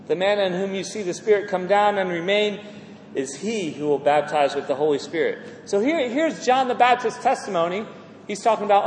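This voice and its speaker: Animated preacher man in an echoey hall. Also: sits high, normal speed. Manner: animated, acts out quoted voices, repeats words. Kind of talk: sermon. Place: church hall. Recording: echoey hall with faint ambience.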